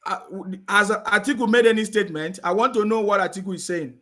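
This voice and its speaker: A man's voice: sits high, fast talker, fairly bright tone. A man delivering a combative, repetitive rant and often asking his audience if they understand him. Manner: combative, repeats phrases, asks "you understand me?". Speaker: political commentator. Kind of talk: heated live-stream rant.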